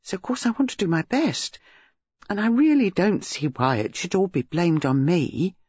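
A woman voicing a flustered, self-pitying young dancer who speaks plaintively, her pitch rising often. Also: expressive, moderate pace, darkish tone, husky, no echo. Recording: slightly dull lo-fi audio.

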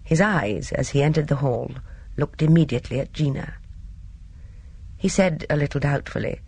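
An audiobook reader doing steady, measured narration of a mystery novel on a close studio mic. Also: medium pitch, husky, dry recording. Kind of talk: scripted narration.

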